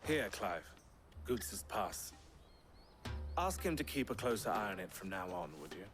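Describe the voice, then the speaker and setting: An actor playing a wry, smooth-talking smuggler brother in a video game cutscene, with music behind. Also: male voice, on the low side, sing-song, a little slow, exaggerated voice. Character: sly smuggler man, Eloise's brother Theodore.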